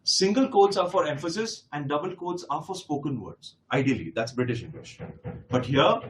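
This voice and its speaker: A man's voice: fairly high pitch, expressive, moderate pace, slight background noise. A man teaching a live test-prep class, addressing his students directly and repeating key points with emphasis.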